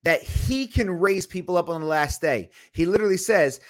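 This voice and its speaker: Male podcast host, a little higher-pitched, emphatic and argumentative as he teaches a casual Bible study. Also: normal speed, dry recording, clean studio sound.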